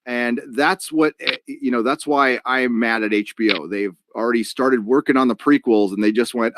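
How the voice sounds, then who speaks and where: A man's voice: medium pitch, animated, normal speed, few pauses, a bit bright, a little hiss or hum. A man hosting a live stream, reading donations and ranting in a casual way with many fillers and restarts.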